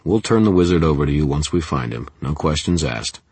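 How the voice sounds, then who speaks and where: Man doing a gruff gang leader, audiobook, clipped orders, very deep and husky. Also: lively intonation, brisk, dry recording, exaggerated voice. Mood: reassuring. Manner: clipped, commanding and louder. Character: brusque, sarcastic male gang leader.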